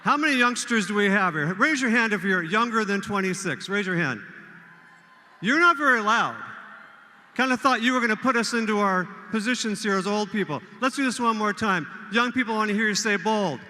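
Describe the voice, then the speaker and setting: Energetic emcee man rallying a crowd. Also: high-pitched, fast talker, hardly any pauses, a little hiss or hum. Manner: energetic, leads call-and-response cheers. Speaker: event emcee. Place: large hall with a crowd. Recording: echoey hall.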